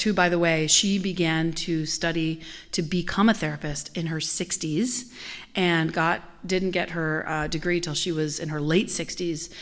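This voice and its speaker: A middle-aged woman giving a conversational sermon as a guest minister, telling stories with acted-out voices and sometimes dropping to a soft whisper. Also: fairly low pitch. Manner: animated storytelling, acts out quoted voices; drops to a soft whisper on key points.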